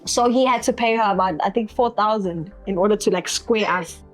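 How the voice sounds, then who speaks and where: A young woman, appearing as an interview guest, tells a personal story and acts out other people's lines as she goes. Her voice is medium-pitched and a little fast, with faint music in the background.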